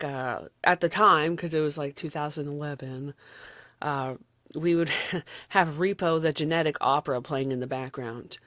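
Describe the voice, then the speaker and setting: A woman's voice: low-pitched, dry recording. Southern woman, 30s, casual movie reviewer, meandering and frank, dry close sound. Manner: rambling, candid, chuckles often.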